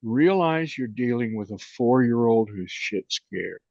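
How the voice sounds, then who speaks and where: A man in his eighties, co-hosting a reflective chat on consciousness and guiding a meditation, unhurried and gentle, often trailing off softly. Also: mid-range voice, expressive, gravelly, dry recording. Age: 80s. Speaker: co-host, meditation and consciousness teacher. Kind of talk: reflective conversation and guided meditation. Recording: dull lo-fi sound.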